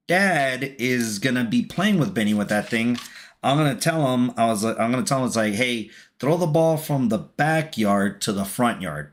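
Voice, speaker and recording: A man's voice: mid-range voice, a bit bright. A young man chatting loosely on a home livestream, telling a story in a rambling, filler-heavy way while he builds. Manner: loose, filler-heavy, says "dude" and "it's like" constantly. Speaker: livestream host building a Lego set.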